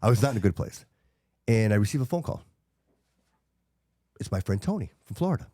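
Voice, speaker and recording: A man's voice: fairly low pitch, very animated, brisk, warm tone, no echo, studio quality. A man in his fifties hosting a podcast interview, telling a story in casual chat and addressing his listeners directly. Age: 50s. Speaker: podcast host.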